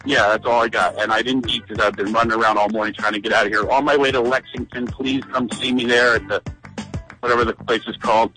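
A man's voice: medium pitch, steady tone, sharp tone, faint music behind, poor audio. A comedian with a Philadelphia accent calling in to chat, rambling and joking at his own expense. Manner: rambling, self-mocking, quick to joke. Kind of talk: casual phone-in chat.

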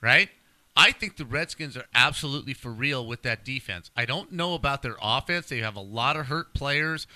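A man's voice: medium pitch, animated, normal speed, pushed and bright. A man co-hosting a casual sports talk show, speaking emphatically and repeating his points with strong opinions. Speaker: podcast co-host.

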